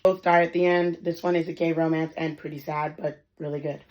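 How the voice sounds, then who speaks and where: A woman's voice: low-pitched, level tone, brisk, darkish tone, dull audio. Bubbly young woman gushing about books. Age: 20s. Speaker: book influencer. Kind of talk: casual book recommendations to camera.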